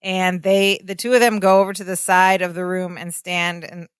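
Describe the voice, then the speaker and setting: A woman's voice: fairly low pitch, little pitch movement. A woman in her forties co-hosting a podcast, chatting casually as she recaps a sitcom episode. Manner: chatty, retells scenes with quick voices. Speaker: podcast co-host.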